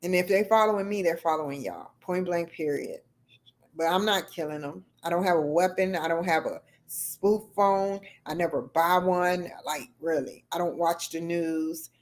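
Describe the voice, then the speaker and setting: A woman's voice: on the low side, moderate pace. A middle-aged woman chatting casually and rambling on a livestream, answering viewer comments as she goes. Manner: rambling, talks back to chat comments. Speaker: livestream host.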